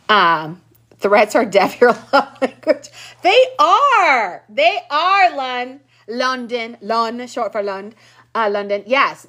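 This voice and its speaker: A young woman with a bright voice, sitting a little high in pitch, runs a live online class. She swoops around a lot in her speech and keeps up a playful, teasing back-and-forth with her viewers. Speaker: class host.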